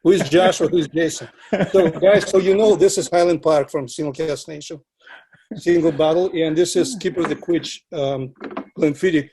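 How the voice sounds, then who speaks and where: A man with a somewhat high voice speaks English as a second language. He chats casually about whisky and restarts his sentences often as he searches for words. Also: warm tone, breathy edge. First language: not English. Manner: halting, with frequent restarts and filler. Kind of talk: casual conversation.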